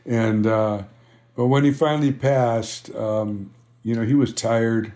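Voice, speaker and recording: A man's voice: medium pitch, fairly even intonation, slow, dark tone. An older man telling stories as an interview guest, rambling and filling with "you know" as he acts out old conversations. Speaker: interview guest, band founder. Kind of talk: conversational storytelling.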